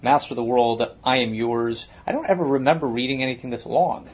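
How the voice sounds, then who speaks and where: A man's voice: medium pitch, fairly quick. A man hosting a casual chat, thinking aloud as he talks. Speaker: podcast host. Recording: muffled lo-fi recording.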